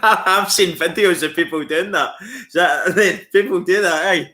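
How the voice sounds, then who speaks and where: A Scottish man with school-age kids chats casually on a live stream, answering viewers while swearing freely and laughing often. His voice is high-pitched and sharp in tone, and he speaks a little slowly.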